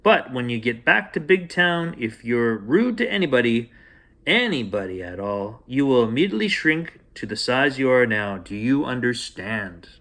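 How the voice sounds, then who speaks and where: A man voicing a stern, measured male goblin king who lectures in a bedtime storybook reading. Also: mid-range voice, sing-song, fairly bright tone.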